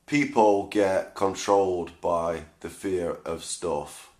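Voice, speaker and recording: Deep-voiced man musing on life. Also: steady tone, slow, a little mellow. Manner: reflective, rambling, with many fillers. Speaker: podcast host. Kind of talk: casual chat. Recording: echoey room.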